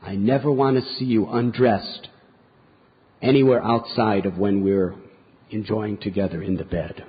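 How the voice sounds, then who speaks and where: A man's voice: on the low side, fairly even intonation, a little slow, slightly rough, long reverb tail. A man voicing a proud celestial woman who makes stern demands and scolds with wrath, in a retold scripture story. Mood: demanding. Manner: indignant scolding. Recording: dull lo-fi recording.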